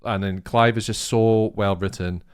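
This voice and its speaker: A young man co-hosting a casual chat, excitable and rambling, swearing freely. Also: lowish voice, a little slow, clear, resonant tone. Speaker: co-host.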